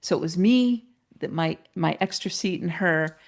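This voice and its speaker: A woman guest, a mentor and coach, telling a personal story in an interview, animated and laughing, her pitch jumping up when she gets excited. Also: normal speed.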